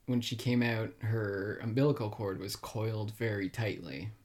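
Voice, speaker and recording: A man co-hosting a casual podcast, talking in a soft, halting, earnest way. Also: fairly low pitch, steady tone. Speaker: podcast co-host.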